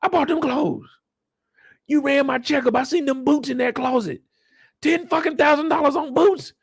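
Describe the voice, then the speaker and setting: A man playing a furious father scolding his son, shouting in a strained, raised voice well above his own. The sound is close and dry. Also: very high-pitched, moderate pace, vocal fry, no room sound, pitched above the performer's own voice. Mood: angry. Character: angry scolding middle-aged father.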